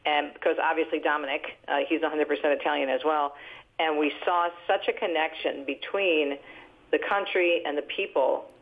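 A woman in her sixties, a radio host and author, telling lively family stories as a guest on the phone. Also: low-pitched, moderate pace. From New Jersey, US. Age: 60s. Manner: lively, animated storyteller with laughs. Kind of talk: phone-in interview, storytelling. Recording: tinny phone line.

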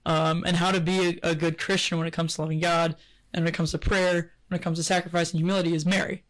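Man, slightly high voice, earnest, measured, podcast chat. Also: level tone, a bit bright. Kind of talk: casual faith discussion.

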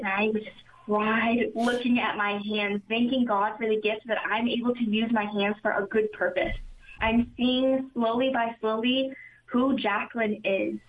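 A woman's voice: fairly high pitch, a little hiss or hum. Earnest young woman, tinny phone-like sound. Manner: earnest, quick, often says "super" and "like". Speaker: community member giving testimony. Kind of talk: personal faith testimony.

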